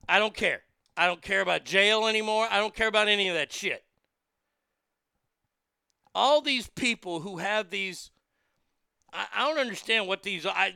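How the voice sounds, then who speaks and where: A man's voice: high-pitched, gravelly, bright, forceful tone, clear, resonant tone, no echo. A man hosting a show, ranting angrily with heavy swearing. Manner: profane, heated, swearing often. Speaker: host. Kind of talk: angry commentary rant.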